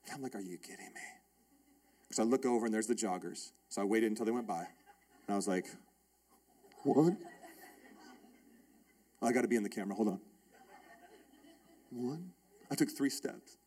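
A man in his thirties, a pastor, preaching a sermon built around a personal story, told in an animated, emphatic way with repeated phrases. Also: lowish voice, moderate pace, long pauses, husky.

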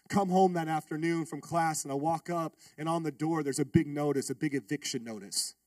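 A man's voice: a little high, a little fast, hardly any pauses, dry recording, far from the mic. A man preaching a sermon as a pastor, telling a funny story and calling out to the congregation. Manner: animated, humorous, calls out to the congregation.

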